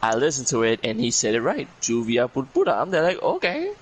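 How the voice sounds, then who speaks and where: A man's voice: mid-range voice, expressive, fast, rough recording. A man from Puerto Rico, a guest on a casual podcast, telling a story in a rambling way and repeating "I'm there like".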